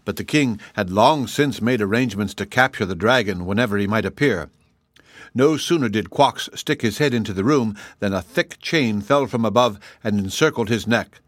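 A man narrating a fairy tale audiobook in a measured, even storytelling manner. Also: fairly low pitch, dry recording.

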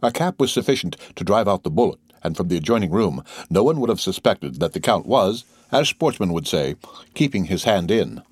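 Deep-voiced man narrating an audiobook. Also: big pitch swings, brisk, husky, no echo, studio quality.

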